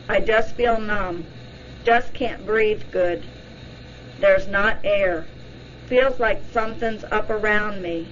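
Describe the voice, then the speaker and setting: A woman's voice: mid-range voice, highs cut off, slight background noise, lightly acted. A woman reading as a dazed hypnosis subject. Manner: halting, dazed first-person recall. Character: shaken woman recalling a glowing eye under hypnosis.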